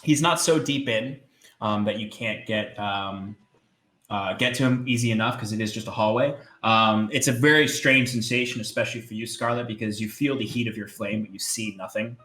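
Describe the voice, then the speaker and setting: A man narrating as game master of a tabletop game, describing scenes hesitantly with many filler pauses. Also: on the low side, bright, forceful tone, echoey room.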